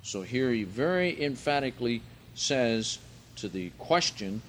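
A man preaching a sermon, reading scripture aloud and explaining Greek words, rising in pitch and volume for emphasis. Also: big pitch swings, unhurried, fairly bright tone, a little hiss or hum.

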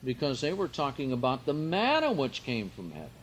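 A man preaching a Bible teaching sermon, slow and emphatic, lifting his voice on key words and carefully sounding out Greek phrases. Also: medium pitch, wildly swooping pitch, a little hiss or hum.

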